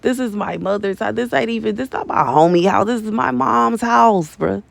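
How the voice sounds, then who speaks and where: Gravelly, animated woman. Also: medium pitch, normal speed, dry recording. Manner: animated and slangy, laughing often, calls listeners baby and bruh. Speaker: prophetic message reader. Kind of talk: casual prophetic message video. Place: bedroom in her mother's house.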